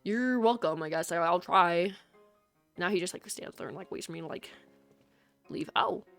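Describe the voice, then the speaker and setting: A woman's voice: fairly low pitch, normal speed, fairly bright tone, soft background music. A woman streaming a video game, chatting casually with her viewers, teasing and laughing often.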